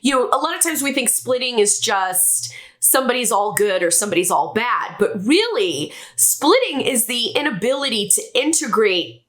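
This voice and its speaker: A woman's voice: on the high side, sing-song, moderate pace. A woman vlogger telling a story about her own childhood in a candid, self-reflective and wry way.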